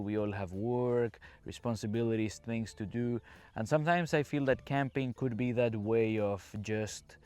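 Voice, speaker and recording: A man's voice: mid-range voice, darkish tone, clean tone. A man from a Caribbean island, an English teacher hosting a casual podcast, talking chattily to the listener while walking around a campsite, recorded on his phone. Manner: chatty, explanatory, addresses listener directly. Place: campsite, outdoors.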